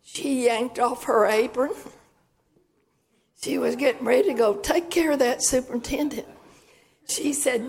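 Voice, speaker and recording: A woman shares her testimony from church, her voice high and gravelly with a hoarse edge. She speaks slowly and plainly, telling her story in a folksy way and pausing to clear her throat. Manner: slow, folksy storytelling with emotional catches.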